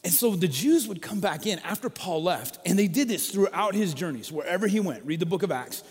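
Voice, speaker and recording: A man preaching a sermon in a conversational, storytelling way, dropping from loud emphasis to hushed, quiet lines. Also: high voice, animated, a little fast, breathy edge. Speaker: pastor. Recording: long reverb of a large hall.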